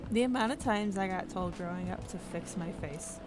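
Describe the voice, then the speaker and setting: A woman co-hosting a casual chat, blunt and quick to laugh, acting out exasperated quotes. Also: medium pitch, music in the background. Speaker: podcast co-host.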